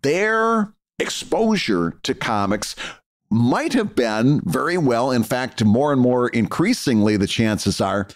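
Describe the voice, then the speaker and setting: Middle-aged male podcast host, casual and animated, stumbles through fillers and restarts. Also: mid-range voice. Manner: halting, repeats words and fillers often.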